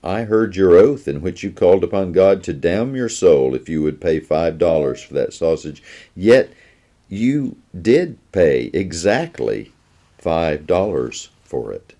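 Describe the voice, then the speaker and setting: A man voicing a serious, gentle minister, reading from a children's storybook. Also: deep voice, very animated, heavily acted. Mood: earnest. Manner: earnest, measured. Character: earnest male Scottish minister, gentle and serious.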